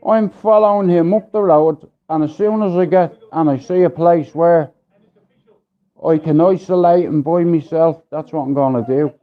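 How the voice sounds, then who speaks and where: A man's voice: a little high, normal speed. An Irish man hosting a livestream, ranting in a blunt, profane, rambling way. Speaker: livestream host. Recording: dull lo-fi stream audio.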